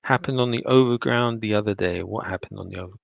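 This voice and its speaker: A man's voice: on the low side, quick pace, gravelly, dry recording. A man teaching and then commenting on news clips in a loose, conversational way, with scornful asides. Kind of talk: casual online commentary. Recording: dull lo-fi dry sound.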